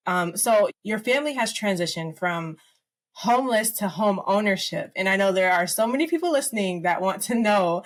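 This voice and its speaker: A woman hosts a podcast interview, asking questions and offering encouraging, faith-based reflections. Her voice sits at a medium pitch. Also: lively intonation, normal speed. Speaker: podcast host. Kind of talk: casual interview talk.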